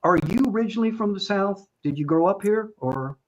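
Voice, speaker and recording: A man's voice: high-pitched, animated, a little fast, highs cut off. An older man hosting a casual talk show, talking in a chatty, rambling way with restarts and little jokes. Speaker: show host.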